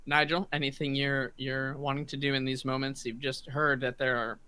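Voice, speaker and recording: Bright-voiced male game master. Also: medium pitch, little pitch movement, no echo. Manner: halting, many restarts and throat clearing. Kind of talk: narrating a tabletop game.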